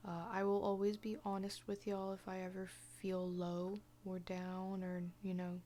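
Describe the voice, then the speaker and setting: A young woman talking casually in a personal vlog, soft-spoken and often half-whispering, hesitant with lots of fillers. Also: medium pitch, completely flat delivery, moderate pace, a little hiss or hum. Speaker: vlogger.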